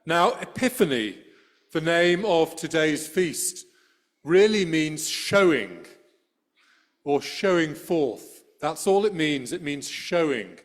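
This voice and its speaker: A middle-aged man giving a sermon as a priest, telling a story in a conversational way with dry humor, speaking into a church microphone. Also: a little high.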